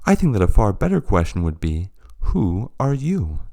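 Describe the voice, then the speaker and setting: A man voicing a cunning female vice president who speaks in a slow, mocking, scornful way. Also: low voice, wildly swooping pitch, vocal fry, dark tone, no room sound, studio quality, full character voice.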